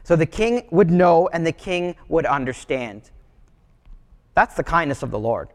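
A man with a notably high voice preaches a sermon, telling stories in a relaxed, conversational way. His voice rings out with a long reverb from a large hall. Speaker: pastor.

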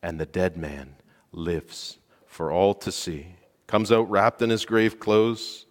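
A man preaching a sermon, telling a story with lively emphasis, rising loud at key points and dropping to near quiet for dramatic moments. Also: deep voice, slow. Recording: long hall reverb.

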